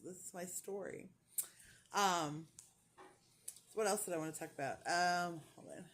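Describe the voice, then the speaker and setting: A woman's voice: lowish voice, fairly bright tone. A woman in casual chat, telling a story with lots of laughter and playing the other people's voices in quotes. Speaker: crochet vlogger.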